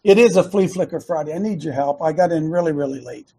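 Husky preachy talk-show man. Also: fairly high pitch, quick pace, warm tone. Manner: rambling, preachy, repeats himself, many restarts. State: slightly hoarse, frog in throat. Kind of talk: conservative Christian talk show.

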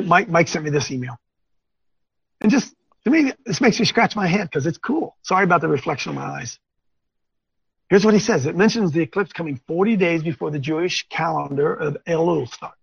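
High, gravelly man preaching informally. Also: no room sound, dull audio. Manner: animated, rambling, folksy asides. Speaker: host of a Bible teaching show. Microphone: on camera, wearing glasses.

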